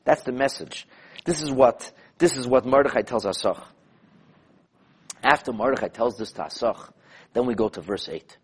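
Male rabbi, teaching a class, animated storytelling, repeats for emphasis, husky voice. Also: mid-range voice, moderate pace, pauses often. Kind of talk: lecture with storytelling.

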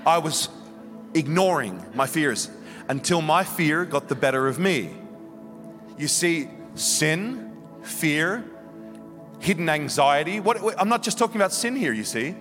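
A man in his late thirties preaches in a large hall whose long reverb trails after each phrase. His voice sits a touch high for a man, and he shifts between hushed confession and raised, pleading passion. Soft music plays faintly underneath. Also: lively intonation, a little slow. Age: 30s. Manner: impassioned, confessional, swings from quiet to loud. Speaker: guest preacher. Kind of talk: sermon. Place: church hall.

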